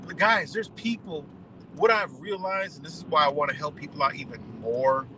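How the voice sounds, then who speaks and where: A man's voice: fairly high pitch, moderate pace, background noise. Exasperated, profane man ranting. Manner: exasperated, blunt, heavy swearing. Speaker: live stream host.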